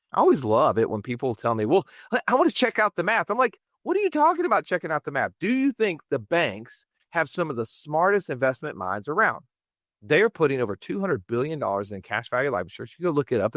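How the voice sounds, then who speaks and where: A man's voice: medium pitch, dry recording, studio quality. A man with a Montgomery, Alabama accent, hosting a podcast about money and speaking emphatically and rhetorically. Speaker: podcast host. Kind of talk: podcast talk on finance.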